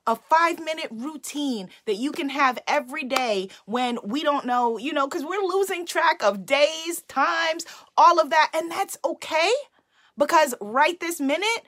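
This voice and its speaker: Woman as spiritual livestream host: bright, affirming, repeats her lines like a sermon. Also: high voice, expressive, measured pace. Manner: affirming, repetitive, sermon-like cadence. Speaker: spiritual coach hosting a livestream. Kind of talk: inspirational live-stream talk. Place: home.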